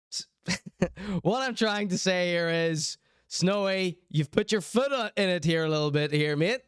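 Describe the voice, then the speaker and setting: Guy hosting, high smooth voice, dry close sound, laughing at his own jokes. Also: fairly bright tone, no echo. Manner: laughs mid-sentence, teasing. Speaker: host. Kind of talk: casual mocking commentary.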